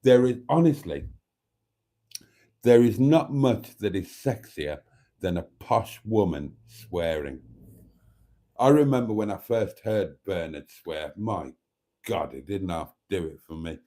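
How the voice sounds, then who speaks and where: A man's voice: deep voice, expressive, takes it slowly, warm tone. A middle-aged man hosting a late-night livestream, cheeky and chatty with frequent laughs, tired. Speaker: livestream host. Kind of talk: casual chat reading comments.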